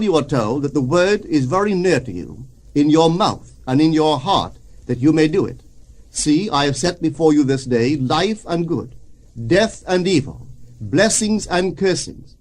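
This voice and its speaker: A man's voice: fairly high pitch, a little mellow. Solemn man reading a spiritual text. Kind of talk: reading a spiritual lecture aloud.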